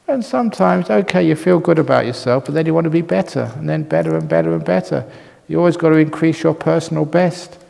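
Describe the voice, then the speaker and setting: In a large hall with long reverb, a man teaches at a meditation retreat, giving a dharma talk that answers questions. His voice is fairly high, gravelly and dark in tone, and he handles the questions humorously and playfully, laughing often.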